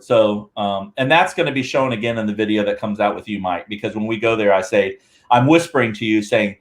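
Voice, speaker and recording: A man on a podcast as a guest researcher, telling a rambling, animated story in casual chat. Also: on the low side, quick pace.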